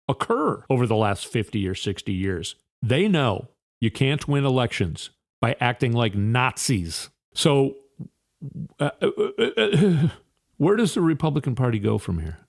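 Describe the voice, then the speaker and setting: A man hosting a solo political commentary podcast, firing off indignant rhetorical questions in a fired-up way. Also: mid-range voice. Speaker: podcast host.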